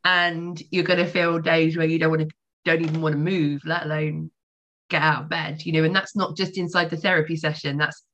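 A woman's voice: deep voice, level tone, brisk, a bit bright, highs cut off. A woman in her forties, a podcast guest telling her personal story candidly, swearing freely.

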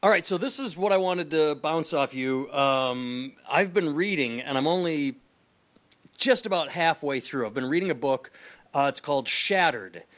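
A man's voice: fairly high pitch, animated, normal speed, a bit bright. A man in his thirties hosting a podcast, telling stories in a wry, chatty way. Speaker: podcast host. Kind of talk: casual podcast chat.

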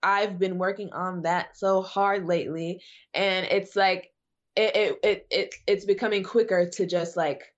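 A woman's voice: medium pitch, fairly even intonation, measured pace, lo-fi sound. A woman speaking as a guest evangelist, preaching in an emphatic way that repeats phrases for emphasis. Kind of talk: preaching in a podcast conversation.

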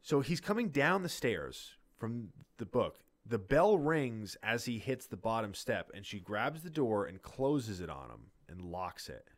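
Lower-pitched man telling stories, profane. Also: unhurried, few pauses. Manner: rambling, profane, animated storyteller. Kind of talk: casual storytelling chat.

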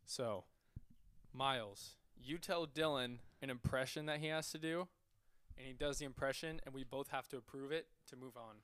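A man's voice: medium pitch, moderate pace, a bit bright, clear, resonant tone. A young man chatting casually as a podcast co-host, easygoing as he explains the game. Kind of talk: casual chat.

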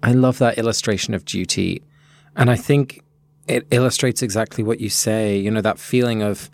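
A man co-hosting a podcast, animated and talking in quick bursts in casual conversational discussion. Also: lowish voice, vocal fry, no echo. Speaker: podcast co-host.

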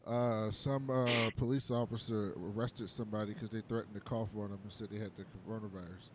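A man's voice: on the low side, level tone, fairly quick, noisy background. A man co-hosting a casual podcast chat who makes blunt, dismissive remarks. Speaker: podcast co-host.

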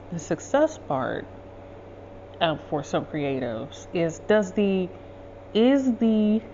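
A woman's voice: on the low side, a little mellow, highs cut off, slight background noise. A woman hosting a podcast, telling a personal story in a rambling, conversational way and often correcting herself mid-sentence. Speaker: podcast host. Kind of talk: casual storytelling monologue.

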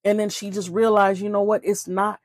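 A woman's voice: medium pitch, little pitch movement, moderate pace, a little mellow, no room sound, studio quality. A woman hosting a casual spiritual talk, emphatic and preachy, often firing off rhetorical questions.

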